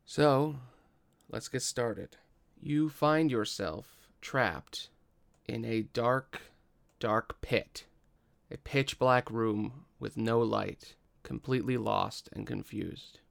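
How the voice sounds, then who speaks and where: A man running a tabletop game as game master, with slow, dramatic narration and casual asides. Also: mid-range voice, creaky, a bit bright, no echo, studio quality.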